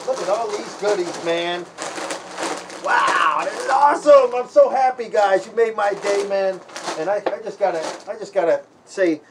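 Excited man with a high voice. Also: normal speed, slight background noise. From Baltimore, Maryland. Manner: excited, grateful, repeats "man" and "guys"; breaks into a heartfelt spoken prayer. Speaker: vlogger opening a gift package. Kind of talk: casual unboxing vlog.

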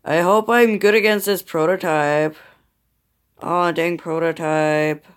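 Slow-talking tired gamer guy. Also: a little high, steady tone, clear, resonant tone. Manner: grumbling at the game, muttering to himself. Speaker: mobile game player. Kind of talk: gameplay commentary. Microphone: phone microphone.

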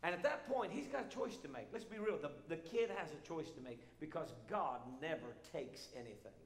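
A man preaching a sermon as pastor, swinging between emphatic shouting and hushed intimate tones, full of repeated rhetorical questions. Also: fairly high pitch, very animated, brisk, slight background noise. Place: church sanctuary. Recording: echoey hall with long reverb.

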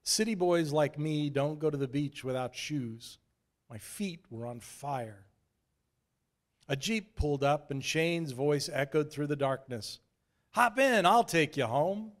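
A man's voice: fairly high pitch, measured pace. A man from Idaho telling a wry, self-deprecating story as a preacher in a sermon. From Idaho, USA.

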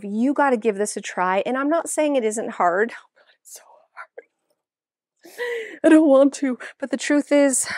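A woman's voice: on the high side, darkish tone, no echo, studio quality. A middle-aged woman and home-organizing vlogger, chatting casually to the camera while sorting her clothes, self-mocking and talking to herself. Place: walk-in closet at home.

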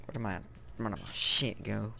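A man's voice: lowish voice, normal speed, creaky, background noise. A man hosting his gaming session over voice chat, bantering with teammates, swearing casually and laughing often. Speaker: gamer and channel host.

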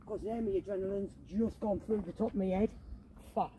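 Frightened woman, very dark voice. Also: mid-range voice, a little fast, a little hiss or hum, poor audio. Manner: frightened, excitable, swears a lot. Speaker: paranormal vlogger. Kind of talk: live ghost-hunting commentary. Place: outdoors in a cemetery at night.

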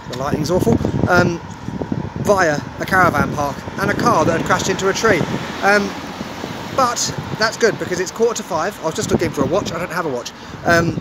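A man's voice: fairly high pitch, very noisy. Chatty man vlogging on a phone. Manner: chatty, upbeat, frequent ums and laughs. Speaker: travel vlogger. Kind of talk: casual travel vlog narration. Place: outdoors and in a restaurant, on the move. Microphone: phone held in hand.

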